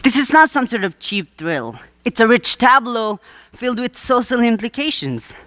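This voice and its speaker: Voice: mid-range voice, sing-song, normal speed, sharp tone, no room sound. A teenage student actor playing a wheedling male waterfront huckster in a live school stage play, with a theatrical salesman's patter.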